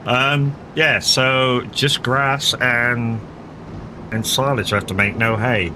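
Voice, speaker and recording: A man's voice: mid-range voice, fairly even intonation, slow pace, background noise. A man streaming a farming game live, chatting casually with viewers, laid-back and swearing freely. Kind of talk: casual live gameplay chat.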